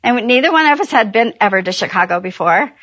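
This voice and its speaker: A middle-aged woman and pastor's wife, telling a church audience about her ministry in a chatty, animated way and laughing at her own jokes. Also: fairly high pitch, fast talker, husky, muffled recording. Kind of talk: warm personal testimony talk.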